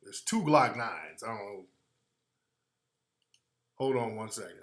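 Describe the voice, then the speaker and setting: A man's voice: fairly low pitch, expressive, slow pace, a bit bright, echoey room. A man hosting a radio talk show, talking to listeners in a loose, slangy, rambling way and trailing off while he looks things up. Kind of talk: casual commentary to listeners.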